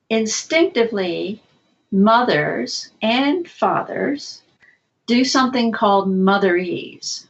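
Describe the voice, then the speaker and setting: A woman guest researcher explaining things in a measured, patient way during an interview. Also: mid-range voice, muffled recording.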